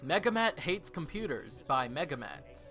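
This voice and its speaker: A guest presenter reading out award nominees in a relaxed, joking way. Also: medium pitch, moderate pace, loud music behind the voice.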